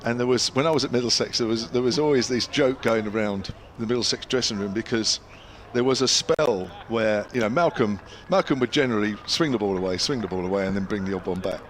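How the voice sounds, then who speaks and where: Chatty older English cricket commentator. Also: male voice, lowish voice, fast talker, few pauses, a little hiss or hum. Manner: chatty storyteller, chuckles between anecdotes. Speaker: cricket commentator, former county player. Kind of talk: ball-by-ball commentary with anecdotes.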